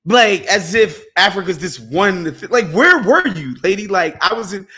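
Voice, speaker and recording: A man's voice: sits high, very animated, moderate pace, sharp tone, husky. A man co-hosting a casual political podcast, blunt, profane and dismissive. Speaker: podcast co-host.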